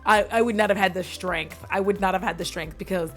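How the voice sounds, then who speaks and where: A woman's voice: medium pitch, brisk, faint music behind. A young woman recapping a movie in a casual, rambling chat, swearing and wandering off on tangents.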